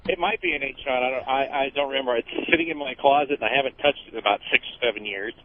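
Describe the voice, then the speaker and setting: Halting male caller on a phone line. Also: medium pitch, noisy background. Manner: halting, lots of fillers. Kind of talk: phone call to a radio show. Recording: tinny phone line on radio.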